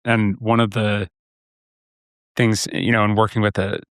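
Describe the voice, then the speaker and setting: A man with a low-pitched voice hosts a podcast conversation. He talks earnestly and keeps checking in with "right?" as he makes a point. The recording is close and dry, with no room sound. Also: little pitch movement, unhurried, fairly bright tone, dry recording. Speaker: podcast host. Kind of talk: casual conversational interview.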